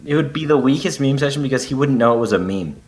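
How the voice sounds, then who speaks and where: A man's voice: mid-range voice, animated, fast talker. A young man co-hosting a podcast, trading jokes and profane comic asides in casual banter. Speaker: podcast co-host.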